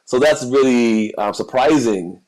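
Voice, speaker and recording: A man's voice: mid-range voice, unhurried, darkish tone, low-quality recording. A man co-hosting a podcast, chatting casually about football and celebrity news, often repeating words as he searches for what to say. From United States. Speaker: podcast co-host. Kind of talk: casual chat.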